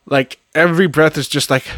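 A man's voice: mid-range voice, expressive, slow pace, fairly bright tone, no echo, clean studio sound. A man narrating a solo tabletop role-playing game, thinking aloud in a casual way and swearing now and then. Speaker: game master.

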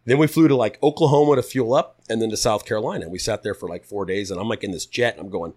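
A man in his thirties with a somewhat low voice tells stories as a podcast guest. He talks in a loose, casual way, swears freely and acts out the lines people said to him. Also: fast. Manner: relaxed, swears freely, acts out quoted dialogue. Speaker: podcast guest, pilot turned putter maker. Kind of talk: casual storytelling.

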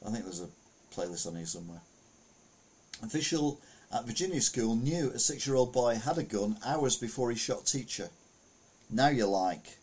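A man's voice: mid-range voice, animated, normal speed, a little mellow, slightly rough. A man casually reading news headlines aloud and adding rambling, self-correcting comments full of fillers.

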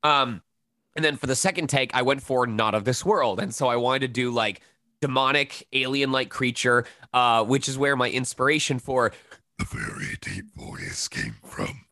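A man in his thirties, a voice actor talking casually in an interview, lively and quick to slip into demonstration voices. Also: mid-range voice, no echo, clean studio sound. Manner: animated, demonstrates voices mid-sentence. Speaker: voice actor guest.

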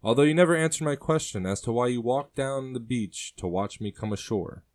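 A man voicing a burly, confident seafaring man in a storybook reading, calm and bold. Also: mid-range voice, a little fast, pitched above the performer's own voice, natural voice.

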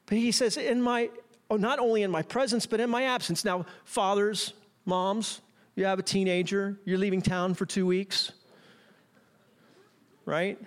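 A man's voice: high voice, fairly even intonation, measured pace, long pauses. A middle-aged man, a pastor, gives a playful sermon and talks straight to the congregation.

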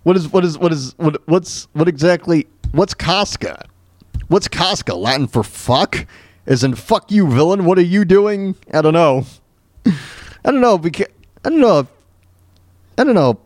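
A man's voice: fairly high pitch, animated, a little slow, pauses often, no room sound. Stammering, jokey male podcast host. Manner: rambling, jokey, stammers and repeats words. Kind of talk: casual comedic commentary.

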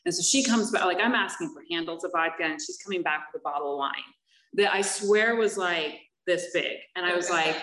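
A woman telling her recovery story as a personal testimony, candid and halting, with many fillers and wry laughs. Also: fairly low pitch, fairly bright tone. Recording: echoey room, voice from a distance.

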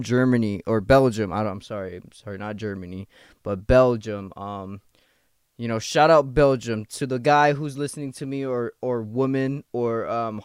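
A man's voice: medium pitch, clear, resonant tone, no room sound, clean studio sound. A young man hosting a casual solo podcast late at night after work, tired, irritated and rambling with lots of swearing and restarts. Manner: rambling, profane, restless and agitated. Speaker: podcast host.

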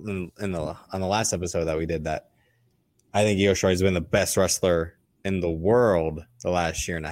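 A man's voice: low voice, no room sound. A man, a podcast guest, rambling through casual chat with frequent swearing and restarts. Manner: rambling, profane, many restarts.

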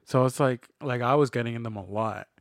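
Guy in his 30s, earnest reflective chat, mid pitch, dry close mic. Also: a little fast, creaky, no room sound. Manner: reflective, earnest, retells conversations in quoted voices. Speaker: podcast co-host. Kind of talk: casual faith conversation.

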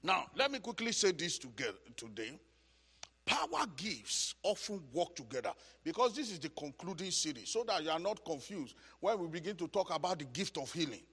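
A man teaching a Bible study as a sermon, preaching with passion, repeating phrases for emphasis and building to shouts. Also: fairly high pitch, big pitch swings, brisk, breathy edge, long reverb tail.

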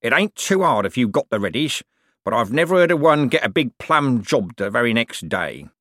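A man voicing a gruff old male crook with false teeth, growling in rough common speech and drawling slowly. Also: mid-range voice, big pitch swings, a bit bright, no room sound, studio quality.

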